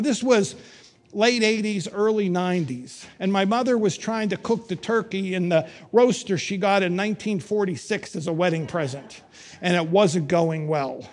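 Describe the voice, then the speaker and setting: High-voiced middle-aged pastor preaching. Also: male voice. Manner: storytelling, wry humor, emphatic pauses. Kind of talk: sermon.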